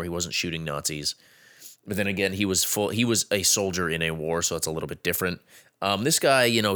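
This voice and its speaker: Low male voice, casual co-host, halting with restarts. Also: fairly bright tone. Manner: halting, many restarts and ums. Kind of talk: casual chat.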